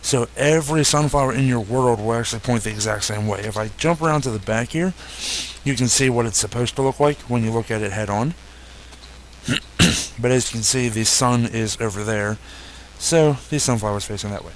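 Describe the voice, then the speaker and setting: A young man narrates a video game walkthrough in a relaxed, easygoing way, pausing often with fillers and correcting himself as he goes. His voice sits at an ordinary pitch, with a faint hum behind it. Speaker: gaming YouTuber. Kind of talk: casual game update walkthrough.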